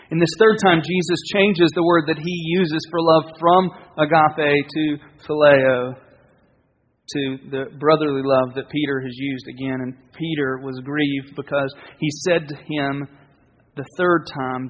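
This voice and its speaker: A man preaching a sermon as pastor, earnest and conversational, with pauses and restarts. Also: on the high side, steady tone. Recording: dull, reverberant hall sound.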